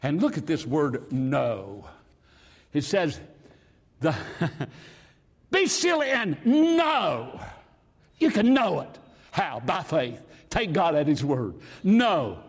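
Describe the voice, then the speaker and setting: Animated husky older male preacher. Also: fairly high pitch, slow pace, in a large hall. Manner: animated, swings from loud to hushed. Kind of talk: sermon.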